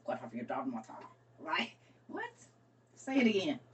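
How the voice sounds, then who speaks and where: A woman chatting casually with her viewers, sassy and drawn-out, tossing in honey and baby. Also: deep voice, very animated, far from the mic, muffled recording, a little hiss or hum. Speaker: streamer.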